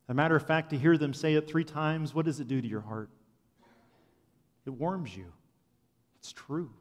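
A man preaching a sermon, swinging from loud proclamation to quiet, confiding asides. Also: mid-range voice. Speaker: pastor. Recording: long hall reverb.

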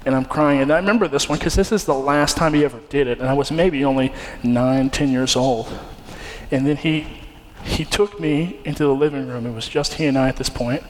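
A man's voice: mid-range voice, steady tone, brisk, slight background noise. A young man preaching a sermon, telling a personal story in an earnest, conversational way with frequent fillers and restarts. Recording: long hall reverb, faint ambience.

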